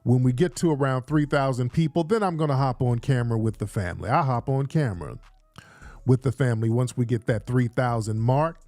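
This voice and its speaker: A man's voice: medium pitch, a little fast, dark tone, no room sound. A man hosting a casual livestream, chatty and hyping, often repeating his phrases, recorded indoors on a studio mic. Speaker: show host. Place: indoors in Los Angeles.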